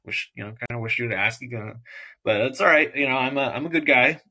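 A man's voice: medium pitch, fairly quick, sharp tone, pitched above the performer's own voice, rough recording. A man voicing a kindly, obliging male moose from a children's book, mildly apologetic. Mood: easygoing.

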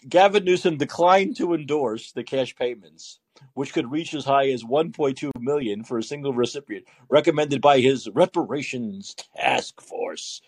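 A man's voice: mid-range voice, darkish tone, breathy edge, no room sound, clean studio sound. A man hosting a late-night call-in show, sarcastic and laughing as he reads the news aloud. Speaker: talk show host.

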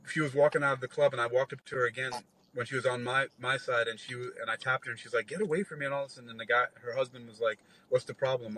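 A man's voice: medium pitch, rough recording. A man in his forties telling a long story in casual chat, rambling and swearing, acting out the other people's lines as he goes. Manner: rambling, profane, animated retelling with quoted dialogue.

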